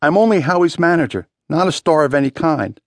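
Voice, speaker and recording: A wounded, frightened middle-aged man moans out a confession, his voice pushed higher and thinner with pain, sounding strained and unlike himself, as a male audiobook narrator puts him on. It is dry, close and plain, with no room around it. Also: lively intonation, fairly quick, no echo. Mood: anguished. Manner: pained, moaning, confessing.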